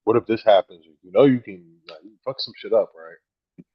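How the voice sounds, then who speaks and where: Casual podcast co-host, male, husky, talks in swinging storyteller bursts, slightly muffled audio. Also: on the low side, moderate pace. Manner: animated storytelling, acting out quoted friends; swears freely, many "like" fillers.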